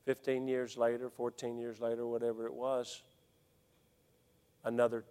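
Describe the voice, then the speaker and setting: A middle-aged man preaches in a plain, medium-pitched voice. His delivery is folksy and swings from shouted appeals to quiet, hushed stories. A long reverb from the church hall trails his words. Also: monotone, normal speed, smooth. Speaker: pastor. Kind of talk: sermon.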